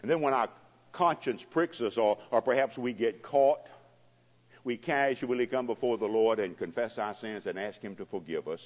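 A man preaching a sermon as pastor, his voice swelling and dropping dramatically in pitch and loudness, recorded in a church. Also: normal speed. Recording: dull lo-fi recording with long hall reverb.

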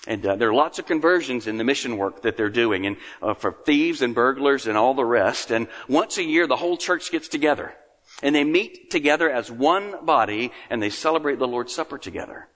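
A man preaching a sermon as pastor, earnest, lifting his voice for emphasis and then dropping to a hush. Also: mid-range voice, animated, a little fast. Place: church sanctuary. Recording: long reverb of a large room.

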